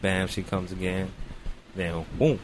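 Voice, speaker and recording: Over slight background noise, a man speaks in a low-pitched, unhurried voice. He's a podcast host spinning a long, funny story full of profane slang, performing the different voices with lots of animation.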